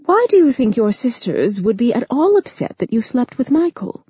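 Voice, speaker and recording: A woman narrator voicing a gentle, loving elderly grandmother who speaks in a soothing, patient way. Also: on the high side, big pitch swings, moderate pace, husky, dry recording, muffled recording, pitched above the performer's own voice, heavily acted.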